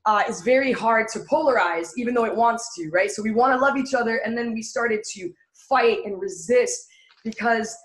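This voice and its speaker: A woman's voice: fairly high pitch, normal speed. Earnest woman telling her story, echoey room. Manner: earnest, builds repeated phrases. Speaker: interview guest. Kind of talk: candid personal storytelling.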